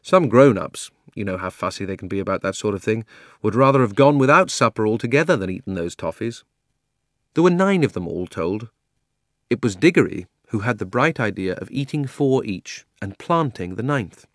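Guy reading a kids' audiobook, steady storytelling, dry close sound. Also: lowish voice, dry recording. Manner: measured storytelling. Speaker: audiobook narrator. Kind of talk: scripted narration.

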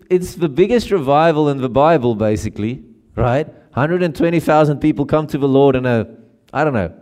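A man's voice: a little high, a little mellow. A male pastor giving a conversational sermon, often checking in with his listeners and laughing while he tells stories.

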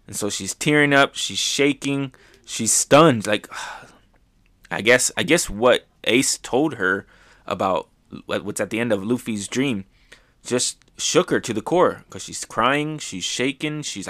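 Bright-voiced man recapping manga. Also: lowish voice, normal speed, no room sound. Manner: excitedly retells scenes, often acting out characters. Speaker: manga review host. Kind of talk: casual recap commentary.

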